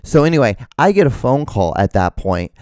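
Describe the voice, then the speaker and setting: A man's voice: medium pitch, very animated, normal speed, darkish tone, no room sound, studio quality. A young man hosting a solo podcast, rambling through a story with lots of restarts and casual swearing. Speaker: podcast host.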